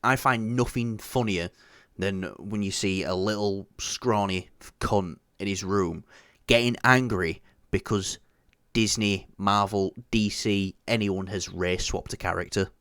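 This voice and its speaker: A man's voice: on the low side, steady tone, measured pace, a bit bright, smooth, no room sound, clean studio sound. A man co-hosting a casual movie news podcast, joking crudely and swearing freely. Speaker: podcast co-host.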